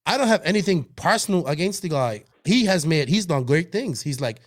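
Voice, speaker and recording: Male co-host, a bit high-pitched, worked-up, profane and emphatic. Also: lively intonation, a little fast. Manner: heated, emphatic and profane, with restarts. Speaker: podcast co-host. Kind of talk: casual podcast chat.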